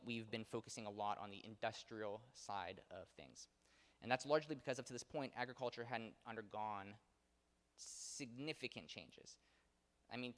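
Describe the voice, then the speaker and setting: In a theater auditorium with long hall reverb, a man lectures on local history in a loose, conversational style, often using fillers and correcting himself. His voice sits fairly low and sounds a bit bright.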